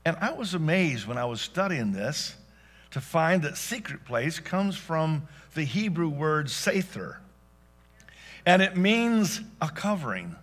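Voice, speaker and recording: Bright-voiced preacher with slow, swinging delivery. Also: male voice, on the high side, very animated. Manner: dynamic, swings from loud to hushed. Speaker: pastor. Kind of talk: preaching a sermon.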